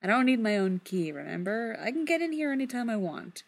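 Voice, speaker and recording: A woman voicing a relaxed, amused man who speaks calmly and quietly. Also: brisk, gravelly, exaggerated voice. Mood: teasing. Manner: calm, low-key and amused. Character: relaxed, teasing grown man.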